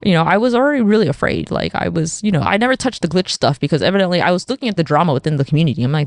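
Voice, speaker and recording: A woman hosting a solo podcast, talking in a rambling, profane, animated way and acting out the voices she quotes. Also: on the low side, racing, gravelly, few pauses, no echo, clean studio sound. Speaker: podcast host. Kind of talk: casual solo podcast monologue.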